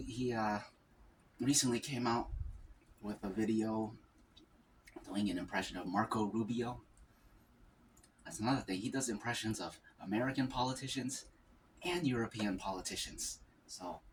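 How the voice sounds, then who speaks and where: Low-voiced man rambling at a distant mic. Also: steady tone, moderate pace, pauses often. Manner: rambling, musing aloud between bites. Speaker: mukbang vlogger. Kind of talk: casual mukbang chat. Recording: distant mic with faint ambient noise.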